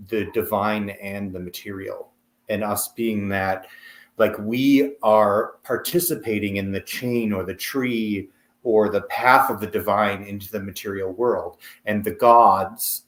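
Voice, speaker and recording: A man's voice: fairly low pitch, reverberant. A man on a spiritual panel over a video call, speaking thoughtfully and hesitantly, with many fillers.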